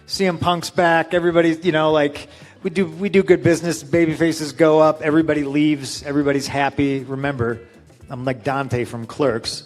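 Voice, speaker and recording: A man casually telling a story in an interview, animated, acting out what people said with a raised voice. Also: fairly high pitch, moderate pace, faint music behind. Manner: animated, acts out quotes with raised voice.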